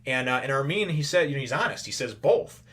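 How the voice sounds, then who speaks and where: Fast, bright and forceful, a man's medium-pitched voice moves with lively intonation. He's hosting his own channel, loosely talking through an anime episode as a casual review, regularly saying "you know" and "right?" and greeting viewers as brothers and sisters.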